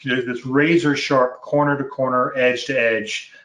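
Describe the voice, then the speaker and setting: A man explains technical details in a casual chat, measured and dotted with fillers. His voice is bright and forceful, with a roomy echo around it. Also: mid-range voice, level tone. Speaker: product manager.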